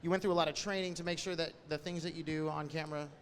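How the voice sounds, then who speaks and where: A man's voice: on the high side, fairly even intonation, very fast, clean tone. A male interview host chatting with guests in a playful, teasing way. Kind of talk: casual interview chat. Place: convention event hall. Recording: reverberant hall with faint crowd ambience.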